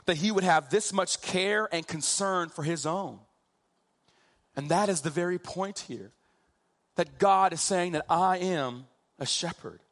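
Male preacher, fairly high voice, slow deliberate delivery, emphatic sermon style. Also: a bit bright. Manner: slow, emphatic preaching, drawing out key phrases.

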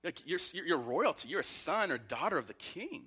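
Man preaching, higher voice, animated rise and fall, punchy rhetorical questions. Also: normal speed, slightly rough. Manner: emphatic rhetorical questions, voices grumbling Israelites. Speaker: pastor. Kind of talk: sermon.

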